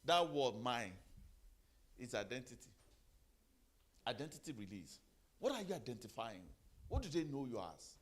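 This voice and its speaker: A man's voice: medium pitch, big pitch swings, moderate pace, pauses often. A middle-aged man giving a motivational sermon, firing rhetorical questions, repeating phrases and giving the audience commands. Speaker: motivational speaker.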